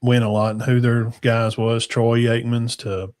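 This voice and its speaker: A man's voice: mid-range voice, level tone, a little slow, darkish tone. A man, hosting a casual football talk show in a rambling, folksy way that trails off into mumbles. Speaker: sports talk show host.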